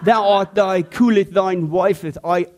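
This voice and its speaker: A man putting on a slow, overly solemn voice, mock-praying in pompous old-fashioned English. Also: high voice.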